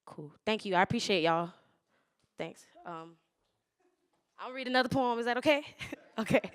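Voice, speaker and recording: Performing spoken word, a young woman speaks in an animated, clean voice on the high side. She recites poems with rhythmic, measured delivery, then loosens up between them with laughter and swearing.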